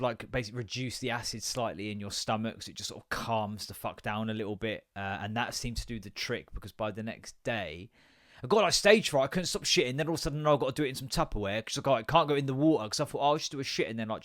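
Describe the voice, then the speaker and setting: A man in his thirties rants through his solo podcast, sweary and rambling, quick to laugh at himself. His voice sits at an ordinary pitch and is recorded dry and close with no room sound. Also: a bit bright, no echo. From England. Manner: sweary, rambling, self-mocking. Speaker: podcast host. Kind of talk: casual solo podcast rant.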